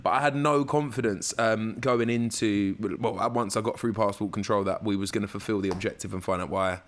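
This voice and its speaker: South London man telling lively stories. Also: on the low side, a little fast, slight background noise. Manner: animated storyteller, acts out dialogue. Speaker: radio presenter, guest. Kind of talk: casual podcast chat.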